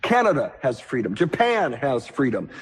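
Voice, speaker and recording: A fed-up news anchor; cutting sarcastic rant, slightly husky tone. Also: male voice, medium pitch, huge pitch swings, moderate pace, full character voice. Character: blunt, exasperated middle-aged male news anchor.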